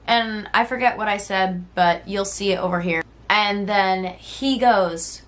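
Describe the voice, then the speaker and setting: A woman in her twenties tells a personal story in a casual vlog, her mid-range, fairly bright voice moving a little slowly. She's candid and conversational, saying "like" and "right?" often, swearing freely, and retelling texts in quoted voices.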